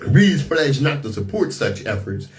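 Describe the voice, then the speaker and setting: A man's voice: fairly high pitch, sing-song, unhurried, a little hiss or hum. Outspoken male radio talk host. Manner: outspoken, indignant, restarts and repeats words. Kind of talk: radio commentary on news.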